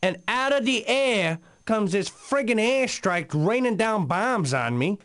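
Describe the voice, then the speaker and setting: A man's voice: sits high, expressive, a little slow, a bit bright. An actor playing a rambling, boozy male radio co-host on a comedic in-game talk station, telling a story full of fillers.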